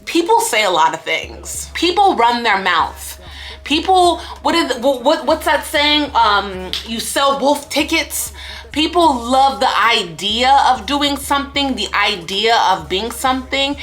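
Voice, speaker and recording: Slow-talking bright-voiced woman vlogger. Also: a little high. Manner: chatty, emphatic, acts out little scenes. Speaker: content creator. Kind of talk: casual life-lesson vlog.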